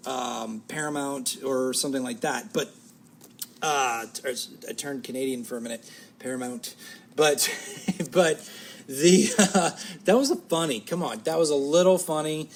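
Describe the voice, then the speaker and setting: A man co-hosting a casual talk show, rambling and correcting himself as he jokes. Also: medium pitch. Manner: rambling, self-correcting, joking. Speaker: podcast co-host. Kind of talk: casual chat.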